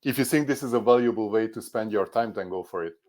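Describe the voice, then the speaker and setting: Chatty man, a little low-pitched. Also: fast talker. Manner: animated storyteller, many restarts. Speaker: podcast co-host. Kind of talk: casual conversation.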